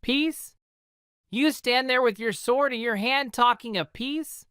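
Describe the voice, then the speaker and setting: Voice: medium pitch, takes it slowly, fairly bright tone, clean tone, no echo, clean studio sound, voice pushed up. A reader voicing an arrogant swordsman of thirty who mocks talk of peace, in a storybook reading for English learners. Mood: sneering. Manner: sneering, mocking.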